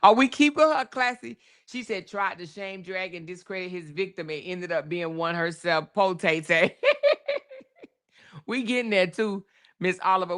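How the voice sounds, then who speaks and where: A woman hosts a live stream in a loose, chatty way, stretching out words and laughing easily as she talks to her viewers. Her voice is bright and forward. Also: on the low side, clean tone. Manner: chatty, drawls names, reads super chats aloud, laughs often. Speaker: livestream host. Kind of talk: casual live chat with viewers.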